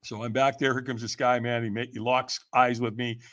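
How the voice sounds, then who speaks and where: A man's voice: medium pitch, level tone, fairly quick, a bit bright. A man guest on a podcast telling a story with lots of energy. He acts out the people he quotes, laughs often and keeps saying "man" and "right?". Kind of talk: animated storytelling.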